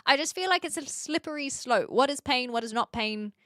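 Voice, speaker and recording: Lively New Zealand woman streamer. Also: high voice, a little fast, no echo, studio quality. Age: 20s. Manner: laughs often, chatty and self-deprecating. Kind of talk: casual chat with live viewers.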